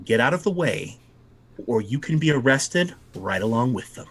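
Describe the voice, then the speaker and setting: A man's voice: medium pitch, very animated, normal speed, husky. A man voicing a stern, imperious male elven lord who barks orders with contempt. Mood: contemptuous.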